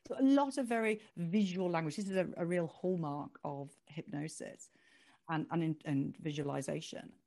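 Woman, forties, slightly low voice, animated, interview guest. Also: normal speed. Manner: animated, expressive, laughs easily. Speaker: author guest. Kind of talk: conversational interview.

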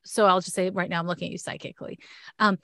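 A woman's voice: lowish voice, level tone, very fast, gravelly, a bit bright, dry recording, studio quality. A woman with a Canadian accent giving a frank, chatty astrology reading in a casual one-on-one talk. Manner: chatty, frank, laughs often.

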